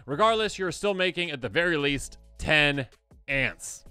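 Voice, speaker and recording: A man hosting a casual card game review, animated and jokey, now and then acting out silly voices. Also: on the high side, unhurried, clear, resonant tone, soft background music. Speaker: host.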